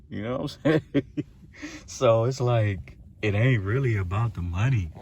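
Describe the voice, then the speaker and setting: A man's voice: sits low, slight background noise. A man hosting a podcast, talking to the guys in a loose, slangy, profane monologue and chuckling as he goes. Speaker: podcast host. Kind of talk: casual confident monologue to the guys.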